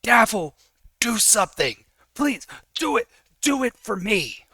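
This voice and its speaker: Man playing a frantic pleading young guy, high, shouting, dry close sound. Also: sing-song, takes it slowly, husky, no echo, exaggerated voice.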